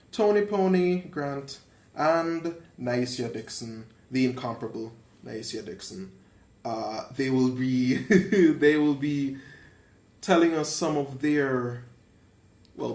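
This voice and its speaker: A man's voice: medium pitch, darkish tone. A young man hosting a podcast, retelling a dream with wry, self-mocking asides and theatrical flourishes. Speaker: podcast host.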